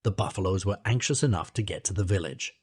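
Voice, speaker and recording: Man, audiobook narrator, husky, low-pitched, very animated delivery, dry close recording. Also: fast, dry recording. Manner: lively, shifts pitch to voice the characters. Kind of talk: audiobook reading with voiced characters.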